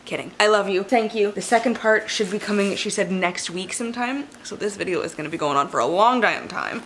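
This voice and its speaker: A woman's voice: lowish voice, brisk, hardly any pauses, a bit bright, a little hiss or hum. A young woman vlogging at home about books, chatty and casually swearing, cooing at her pets. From Canada. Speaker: book vlogger. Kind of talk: casual vlog chat. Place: at home indoors. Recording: roomy echo.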